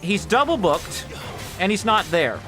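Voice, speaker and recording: A man streaming a game while telling a long, rambling story in casual chat, with quick asides to his viewers. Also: high voice, very animated. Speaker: gaming streamer. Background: faint game music.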